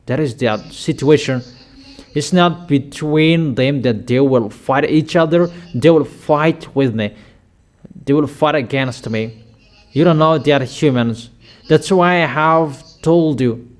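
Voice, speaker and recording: Slow, high-voiced male preacher. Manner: slow, emphatic prophetic declarations. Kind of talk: sermon.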